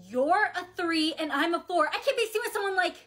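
A woman's voice: very high voice, animated, fairly quick, fairly bright tone, soft background music. A woman playing an image-obsessed teenage girl who talks in a chirpy, fake-polite way in a comedy sketch. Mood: fake-sweet.

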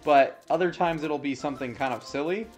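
A man's voice: fairly high pitch, fairly quick, faint music behind, low-quality recording. A man hosting casual commentary while playing a racing game, rambling with frequent fillers and self-corrections. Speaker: host.

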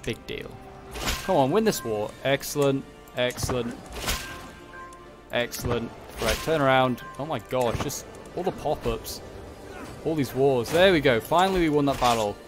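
A young man giving casual commentary on a strategy game, thinking aloud and muttering quick reactions. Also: mid-range voice, animated. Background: background music.

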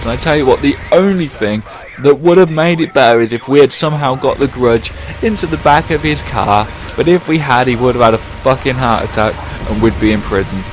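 A man's voice: medium pitch, normal speed, a little hiss or hum. Young guy telling a funny story. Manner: animated anecdote-telling, casual swearing. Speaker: YouTube gameplay commentator. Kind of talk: casual storytelling voiceover.

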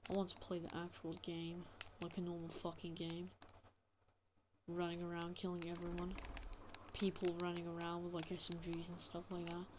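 A man's voice: high voice, completely flat delivery, moderate pace, background noise. A man giving an angry, profanity-heavy rant as gameplay commentary, sounding exasperated throughout. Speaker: gaming channel host.

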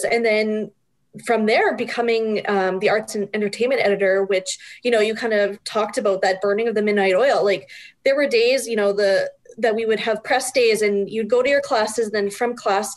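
A middle-aged woman, a guest, telling stories in an animated way and often laughing. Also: a little high. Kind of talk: casual interview chat.

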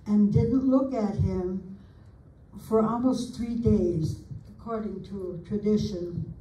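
An older woman from the United States reading family recollections aloud in an unhurried, homely way, adding small asides as she goes. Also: medium pitch, dark tone, muffled recording. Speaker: family historian presenter. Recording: roomy sound from a distant mic.

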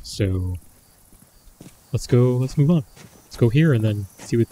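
A man's voice: medium pitch, expressive, measured pace, mellow, slight background noise. A man giving casual running commentary while playing a survival game, talking himself through his choices. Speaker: gameplay commentator.

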